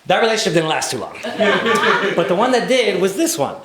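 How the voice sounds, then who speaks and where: A young man telling a comic personal story live on stage, animated and often laughing as he talks. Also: sits high, moderate pace, echoey room, a crowd in the background. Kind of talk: live storytelling before an audience. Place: stage before a live audience.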